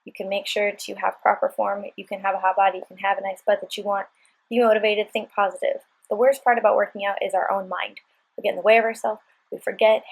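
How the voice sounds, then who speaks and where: A woman's voice: mid-range voice, level tone, quick pace, creaky, breathy edge, low-quality recording. A woman giving upbeat, chatty, encouraging workout instructions as a voice-over. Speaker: fitness instructor.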